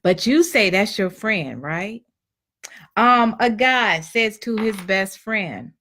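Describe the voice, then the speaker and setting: A woman's voice: mid-range voice, animated, takes it slowly, fairly bright tone, slight background noise. A woman giving a blunt, preachy motivational talk to women, acting out the complaints she hears from people. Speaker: motivational speaker.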